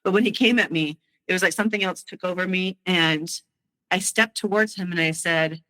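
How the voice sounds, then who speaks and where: A woman telling her own story of a frightening night at home, halting and emotional, with frequent restarts. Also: fairly low pitch, sharp tone, rough recording. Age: adult. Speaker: guest sharing her story. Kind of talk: personal storytelling.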